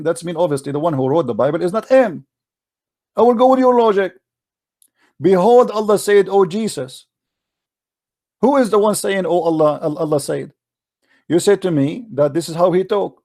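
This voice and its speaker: Male host, heated debater, insistent, broken English, a bit high-pitched. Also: warm tone, no room sound, clean studio sound.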